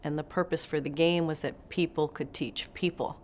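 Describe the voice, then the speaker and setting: In an interview, a middle-aged woman recounts stories animatedly, bringing quotes to life with energy. She speaks at a normal speed in a deep voice, and there is slight hiss or hum on the recording.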